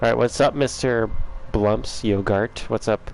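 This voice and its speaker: A man's voice: medium pitch, steady tone, unhurried, creaky, slight background noise, poor audio. A man hosting a casual gaming livestream from his room at home, chatting and teasing viewers by name.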